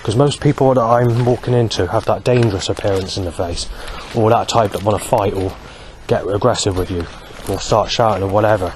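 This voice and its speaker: A man talking alone to camera in a rambling monologue, halting often to search for words. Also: on the low side, darkish tone, slight background noise. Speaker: vlogger.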